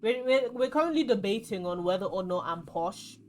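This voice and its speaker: Speaking briskly in a mid-range voice over soft background music, a young woman from London streams a card game. Her London accent comes through as she chats, rambles and tells lively stories.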